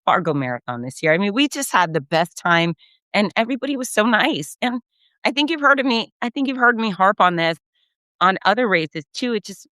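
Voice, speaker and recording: Bright, crisp-voiced woman telling stories. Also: mid-range voice, a little fast, no echo. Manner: effusive, animated storyteller who acts out quotes. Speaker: race announcer and podcast host. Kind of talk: casual storytelling recap.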